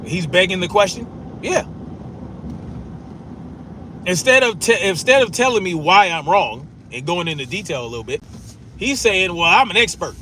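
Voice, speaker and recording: A man's voice: high voice, animated, moderate pace, long pauses, bright, forceful tone, a little hiss or hum. A man arguing back at chat comments during a casual live stream, profane and repeating himself for emphasis.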